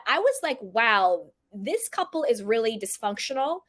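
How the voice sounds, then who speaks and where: A woman's voice: on the high side, a little slow, hardly any pauses. A woman giving casual, opinionated commentary to her viewers and acting out the quotes she repeats. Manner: animated, opinionated, acts out quotes. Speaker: commentary vlogger.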